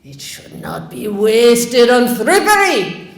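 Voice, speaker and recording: A woman voicing a pompous, dour male sheriff with a light Scottish accent, declaiming loudly and slowly in a sing-song way. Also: on the high side, very animated, reverberant, voice pushed up, full character voice.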